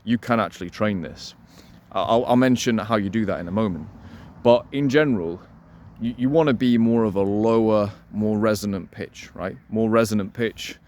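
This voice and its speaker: A man coaching listeners on voice and delivery, energetic and emphatic, repeating his key points and slowing down to demonstrate. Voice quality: resonant voice. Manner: deliberately slows and lowers voice to demonstrate. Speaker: dating coach. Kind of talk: instructional talk to camera.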